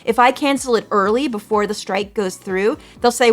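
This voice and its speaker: A fairly high-voiced woman from Canada rambles through a casual stream, tired from too little sleep. She swears freely and talks in anxious, tumbling restarts, with faint music playing underneath. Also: normal speed, hardly any pauses.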